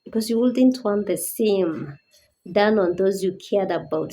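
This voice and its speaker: Poor audio captures a disability advocate giving a personal talk to raise awareness. Her voice is mid-range and mellow at a measured pace, moving from earnest pleas to indignant questioning.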